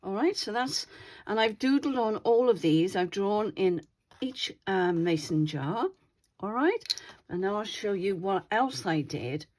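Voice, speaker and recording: A woman's voice: mid-range voice, expressive, unhurried, darkish tone. A woman hosting a craft channel, chatting casually as she demonstrates her doodles and keeps checking in with viewers. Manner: chatty, often checks in with "all right?".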